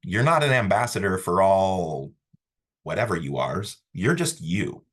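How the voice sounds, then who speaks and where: Male college instructor, lowish husky voice, lively classroom delivery. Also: measured pace. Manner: animated, storytelling, self-interrupting. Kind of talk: classroom lecture.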